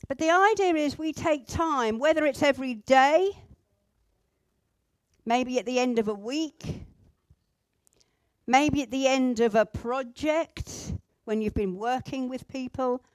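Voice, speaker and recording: A woman teaching a group how to pray, gentle and instructive, with pauses. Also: high voice, dry recording. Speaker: church group leader. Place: indoor room with a group at tables.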